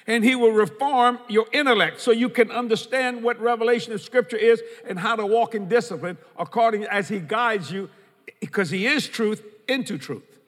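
A man preaching in a church with a high, bright, ringing voice. He drives his points home by repeating lines and reading scripture aloud. The sound carries a long hall reverb. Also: moderate pace. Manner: preaching with emphatic repetition, quoting scripture. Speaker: pastor. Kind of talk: sermon.

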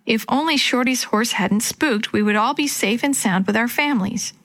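A woman's voice: on the high side, moderate pace, fairly bright tone. A woman voicing a determined young girl detective in a children's story, earnest and eager.

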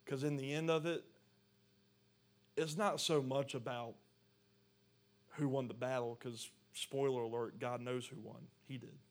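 Guy preaching a sermon, kinda gravelly, reads the verses then really leans into it. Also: mid-range voice, fairly even intonation, measured pace, pauses often. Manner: reads scripture aloud, then preaches with rising intensity. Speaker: pastor.

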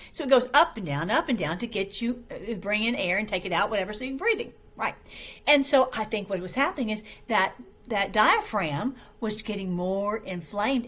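A woman's voice: on the high side, a bit bright. A woman hosting an online show, talking casually to her viewers in a rambling, chatty way with many restarts, her voice a little weak and short of breath.

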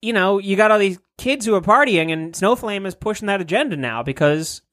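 A man's voice: high-pitched, expressive, fairly quick, fairly bright tone. A man hosting a casual podcast, rambling about comics with frequent laughs and swearing. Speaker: podcast host.

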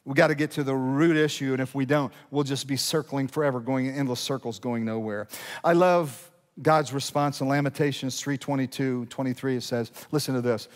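A man's voice: mid-range voice, fairly even intonation, a little fast, in a large hall. A male pastor preaching a sermon in a conversational style, asking rhetorical questions and building to emphatic peaks.

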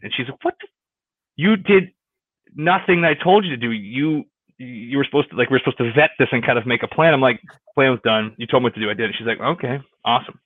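A man's voice: mid-range voice, no room sound. Man telling a story on a tinny line. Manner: rambling, with many restarts and quoted dialogue. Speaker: real estate agent. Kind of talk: casual interview storytelling. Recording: tinny phone-like line, dry.

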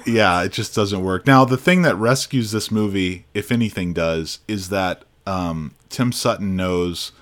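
A man's voice: low voice, measured pace, few pauses. A man co-hosting a film podcast, giving casual, opinionated reviews and laughing easily.

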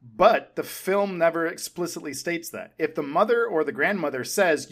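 A man's voice: on the high side, lively intonation, moderate pace, few pauses. A man co-hosting a casual film podcast, arguing his point and pushing back hard. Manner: argumentative, rising to loud pushback. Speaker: podcast co-host.

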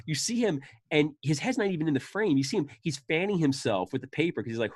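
A man chatting casually as a podcast host, retelling film scenes and breaking into high, animated voices for the quoted lines. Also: fast, few pauses, no room sound, clean studio sound. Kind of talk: casual chat about a film.

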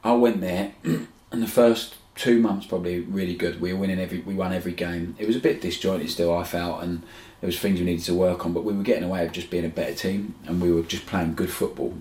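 Podcast guest: an ex-footballer, a man with a deep, quick, anecdotal delivery; echoey room. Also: slight background noise. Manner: lively anecdotal storytelling, says "mate" often. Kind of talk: casual chat.

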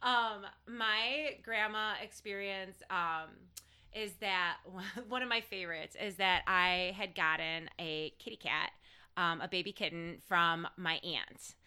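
A woman in casual chat who giggles often and reacts with quick exclamations. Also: fairly low pitch, bright, forceful tone, clear, resonant tone.

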